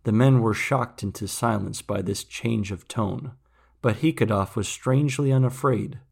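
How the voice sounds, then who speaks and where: A man narrating a self-made audiobook in a measured, solemn way. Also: on the low side, vocal fry, darkish tone, husky. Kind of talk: scripted storybook narration.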